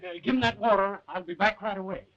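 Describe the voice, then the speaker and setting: A man's voice: sits high, steady tone, fast talker, fairly bright tone. An actor playing a male reform school guard in a 1930s film, giving curt, businesslike orders. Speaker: prison guard. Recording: dull distant film sound.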